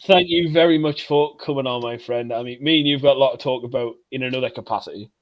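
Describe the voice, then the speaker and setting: Bloke hosting a podcast, mid-pitched voice, joking and thanking everyone over and over. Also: male voice, fast talker, muffled recording. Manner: jokey, rambling sign-off with repeated thanks. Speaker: podcast host. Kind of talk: casual chat.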